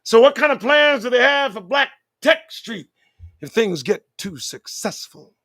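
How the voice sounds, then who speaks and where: A man with a very high-pitched voice hosts his own show, speaking at a measured pace in a recording with no room sound. His commentary monologue is animated and profane, packed with swearing and rhetorical questions.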